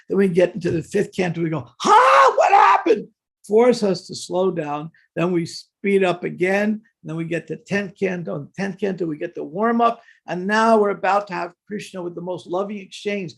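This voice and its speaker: A man's voice, heavily gravelly and a little husky, sitting a touch higher than most men's. He leads a scripture class in a temple, telling lively stories to a small group of listeners. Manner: animated storytelling. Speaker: class teacher. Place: temple hall.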